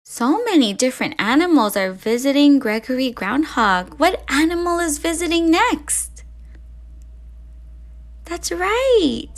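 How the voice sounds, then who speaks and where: A woman reading a story aloud to young children, expressive and asking them questions along the way. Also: sits high, a little slow. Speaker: early years educator.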